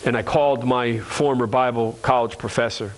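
A man's voice: mid-range voice, steady tone, moderate pace, low-quality recording. A male pastor preaching a sermon to his congregation, earnest and repeating phrases for emphasis, calling listeners friends.

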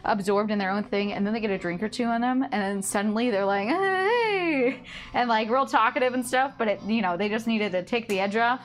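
A woman's voice: medium pitch, quick pace, few pauses. A young woman bartender chatting casually on a cooking stream, telling rambling stories packed with "like". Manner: rambling, filler-heavy storytelling with lots of "like".

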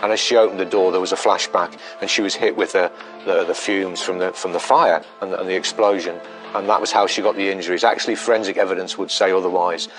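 A police detective with a very low voice talks through an investigation in measured, halting sentences, filling gaps with ums. Soft music plays faintly under his words. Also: fairly even intonation. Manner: measured, hesitant with many fillers. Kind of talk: documentary interview.

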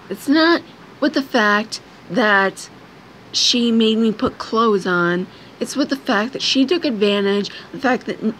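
Young woman vlogger, frustrated, blunt, profane, unhurried delivery, faint background hiss. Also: medium pitch, fairly bright tone. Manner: blunt, frustrated, heavy swearing. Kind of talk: angry personal vlog rant.

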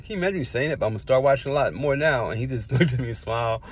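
A man's voice: medium pitch, big pitch swings, fast, few pauses, breathy edge. A middle-aged man casually telling rambling personal stories, jumping from one anecdote to the next. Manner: rambling, digressive, jumps between anecdotes. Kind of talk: casual storytelling.

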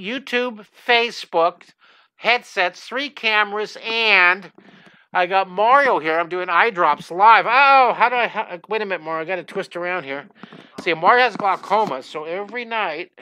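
An older man, a drawing teacher, greeting viewers by name in a live online lesson, excitable and scattered, talking into a headset mic at home. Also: sits high, measured pace, dry recording. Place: home studio.

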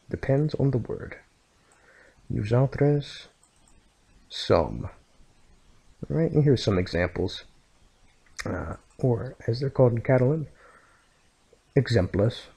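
A man's voice: medium pitch, expressive, moderate pace, vocal fry, dark tone, slightly rough. A man from the United States, explaining a language lesson over a screen recording, full of fillers and "okay?" checks. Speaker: language teacher.

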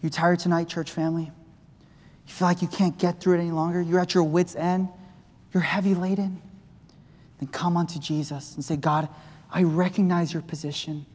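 Impassioned preacher in a reverberant church. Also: male voice, high voice, flat delivery, brisk, long pauses. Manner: impassioned, swinging from loud to hushed. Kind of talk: sermon. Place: church sanctuary. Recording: long reverb of a church hall.

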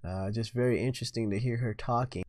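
A man's voice: mid-range voice, steady tone, quick pace, a little mellow, dry recording, clean studio sound. A man hosting his own political commentary show, talking in an opinionated, sarcastic way. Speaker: host.

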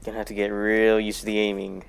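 A man casually commenting while playing a horror game, muttering low to himself, cursing often, and breaking into loud startled shouts. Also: completely flat delivery, fast, vocal fry, clear, resonant tone. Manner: profane, jokey self-talk to the game. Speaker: gaming YouTuber. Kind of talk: casual let's-play commentary.

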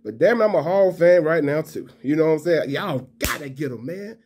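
A man's voice: fairly high pitch, expressive, fairly quick, a little mellow, slightly rough. A man giving a fired-up, profane fan rant to camera. He trash-talks and repeats himself. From Alabama fan. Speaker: college football vlogger.

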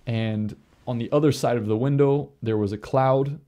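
A young man, a priest, telling his conversion story in an earnest, halting way with many fillers. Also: mid-range voice, fairly even intonation, mellow. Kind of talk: personal testimony.

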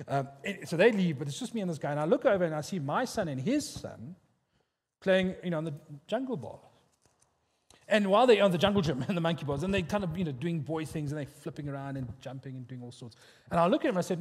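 A man's voice: a little high, animated, quick pace, darkish tone, slightly rough. South African man preaching in a hall. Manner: conversational storytelling with quoted voices. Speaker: pastor. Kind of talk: sermon. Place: church hall. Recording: long hall reverb.

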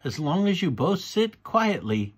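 A man's voice: high voice, very animated, unhurried, breathy edge, pitched above the performer's own voice, full character voice. A man voicing a firm, patient mother pig in a read-aloud storybook.

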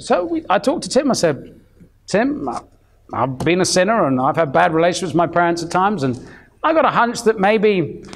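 Over slight background noise, a high-pitched man in his fifties preaches at an ordinary pace, his pitch swinging broadly. He spins stories in a chatty way, imitating the people he quotes and restarting his phrases often.

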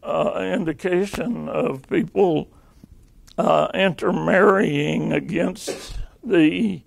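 An older man teaching a Bible lesson, reading scripture aloud and explaining it in a slow, halting way. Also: on the high side, vocal fry, slight background noise.

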